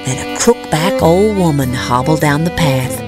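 A woman storyteller telling a folktale in an expressive way, over loud fiddle and guitar music. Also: sits low, a little slow. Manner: expressive, lively voices for characters.

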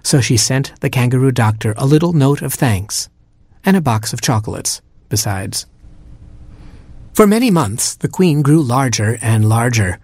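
A man reading a story aloud in a wry, gently humorous way. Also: medium pitch, animated, a little slow, dry recording.

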